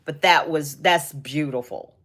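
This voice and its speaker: A woman's voice: sits low, measured pace, fairly bright tone. A young woman hosting a casual livestream, talking about energy and purpose, emotional and rambling with many restarts. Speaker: livestream host.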